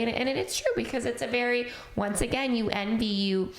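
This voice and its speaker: A woman's voice: a little high, brisk, roomy sound. A woman hosting a podcast, speaking earnestly and openly about her grief as a parent. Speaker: podcast host, bereaved parent. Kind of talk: heartfelt conversational podcast talk.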